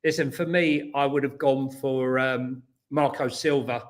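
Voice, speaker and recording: A man's voice: medium pitch, fairly even intonation, unhurried. A man, co-hosting a casual football podcast, rambling through stories with many ums and restarts. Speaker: co-host.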